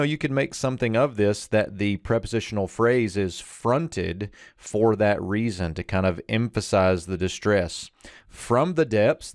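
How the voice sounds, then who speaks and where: A man teaching Biblical Hebrew grammar in a short lesson, explaining each word step by step in a measured way with occasional fillers. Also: fairly low pitch, a little mellow, no echo, clean studio sound.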